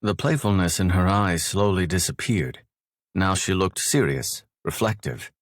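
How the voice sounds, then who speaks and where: A man with a very deep voice reads a first-person romance audiobook in a measured, low-key way. The sound is dry and close, with no room around it. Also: expressive, dry recording. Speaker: audiobook narrator.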